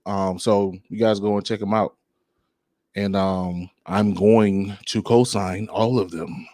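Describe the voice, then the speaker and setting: A man's voice: fairly low pitch, steady tone, background noise. A man hosting a casual music podcast, rambling and laid-back, with many fillers, and he laughs at his own slips. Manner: drawn-out speech with many fillers. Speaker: podcast host.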